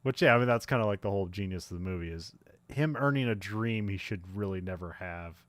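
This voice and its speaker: A man's voice: lowish voice, expressive, quick pace, no room sound. A man co-hosting a casual movie podcast, recapping scenes with many fillers and frequent laughs. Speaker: podcast co-host.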